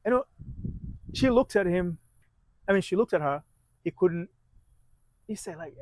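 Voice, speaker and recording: A marriage coach with a somewhat high, expressive voice tells a motivational story in a halting way, often restarting sentences. When the story grows tense he drops nearly to a hush, and the sound is dry with no room echo.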